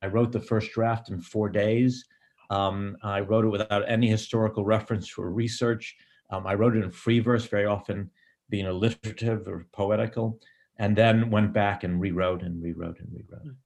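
A middle-aged man, a screenwriter, giving reflective interview answers in a thoughtful, digressive way with many pauses and ums. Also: fairly low pitch, steady tone, a little mellow. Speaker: screenwriter and director.

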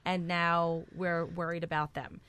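A woman's voice: lowish voice, level tone, a little slow, a bit bright, clean tone. A middle-aged woman from New Jersey with a Jersey accent, chatting as a guest and telling stories with animation. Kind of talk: casual chat.

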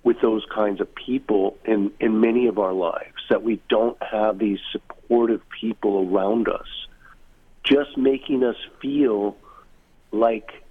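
A man's voice: fairly low pitch, fairly even intonation, measured pace, husky. A man being interviewed about his book, speaking in a reflective, musing way with many asides over a remote line. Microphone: remote line from far away. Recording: tinny phone-like line.

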